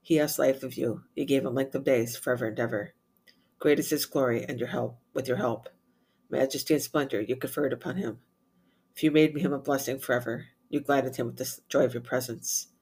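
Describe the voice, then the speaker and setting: A man's voice: medium pitch, breathy edge. Man reciting liturgical prayers. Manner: steady measured recitation, rattles off Latin refrains quickly and softly. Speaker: prayer leader.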